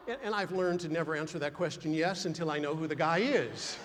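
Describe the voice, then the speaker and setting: A man's voice: on the high side, fast talker, few pauses, long reverb tail. A man giving a humorous motivational keynote to a large conference audience, acting out the dialogue in his stories. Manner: animated storytelling with acted-out dialogue. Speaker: keynote speaker. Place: large conference hall before a big audience.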